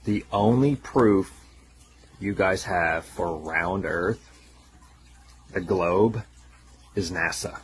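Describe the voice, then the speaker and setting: A man's voice: deep voice, very slow, pauses often, slight background noise. A man lecturing insistently, with a preachy manner.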